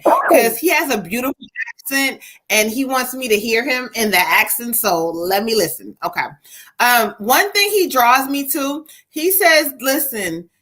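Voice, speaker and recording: A woman with a bright, fairly high voice reads tarot cards live for a viewer. She speaks casually, slipping into slang and murmuring to the spirits as she waits for messages. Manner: casual, slangy, talks aloud to spirits between long pauses. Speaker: tarot reader and spiritual medium. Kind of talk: live-streamed tarot reading.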